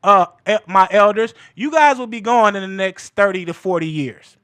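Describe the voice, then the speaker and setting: Fervent male commentator in his thirties, high bright voice, repeats lines for emphasis, dry booth sound. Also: moderate pace, clear, resonant tone, no echo. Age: 30s. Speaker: political commentator. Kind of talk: heated political commentary.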